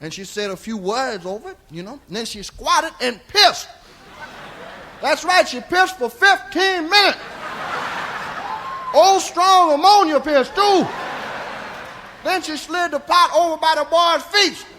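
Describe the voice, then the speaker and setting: A comedian playing a crude, rambling old storyteller, telling a long tale with chuckling asides on a live comedy record. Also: male voice, very high voice, expressive, unhurried, long pauses, sharp tone, slight background noise, exaggerated voice. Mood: drawling, rowdy. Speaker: stand-up comedian. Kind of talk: stand-up character monologue. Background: audience laughter.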